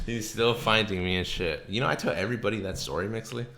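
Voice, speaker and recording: A man's voice: lowish voice, quick pace, very noisy. A young adult man hosting a casual chat, telling stories with lots of swearing and laughter. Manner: animated storytelling, swears a lot, laughs often. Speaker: podcast host.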